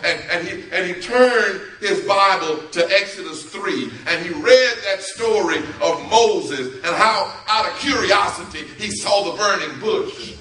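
A man preaching a storytelling sermon, who acts out the voices in his story and swings between loud and soft. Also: sits high, expressive, measured pace, hardly any pauses, recorded from a distance. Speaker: bishop preaching. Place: church sanctuary. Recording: echoey church from off-mic.

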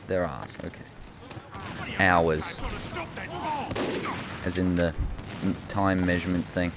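A young man mumbling casual commentary while playing a shooter game, breaking into sudden high yelps now and then. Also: level tone, takes it slowly, long pauses, noisy background. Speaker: gaming channel host.

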